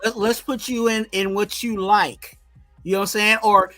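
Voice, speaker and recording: A man in casual sports talk, excited and repeating "you know what I'm saying" as he breaks down his team's offense. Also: sits high, normal speed, no room sound, soft background music. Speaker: podcast co-host.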